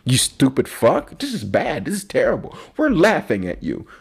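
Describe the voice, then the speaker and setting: A man's voice: mid-range voice, wildly swooping pitch, normal speed, creaky, husky, voice pushed up, exaggerated voice. A man voicing a sneering, scornful heckler. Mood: mocking. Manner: mocking, insulting, profane. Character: sneering, contemptuous imagined audience member.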